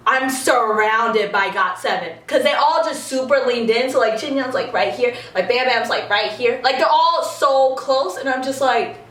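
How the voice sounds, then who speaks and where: Young woman, giggly storytelling vlog, acts out quotes, bright, roomy echo. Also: on the high side, normal speed, few pauses, far from the mic.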